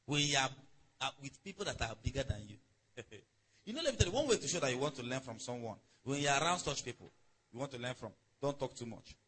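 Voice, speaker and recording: A man's voice: mid-range voice, quick pace, a bit bright, rough recording. A man preaching a sermon in a conversational way, calling on the congregation to respond. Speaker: pastor.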